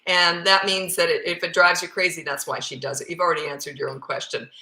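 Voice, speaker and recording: A woman in her fifties with a Canadian accent touched by Australian vowels, talking into a phone in a room at home. Her voice sits fairly low but has a bright, forceful edge. The room sounds echoey as she chats bluntly and pokes fun at herself. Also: level tone, fast. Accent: Canadian with some Australian. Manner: chatty, blunt and self-deprecating. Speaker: parenting coach. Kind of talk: casual live Q&A. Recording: roomy echoey phone recording.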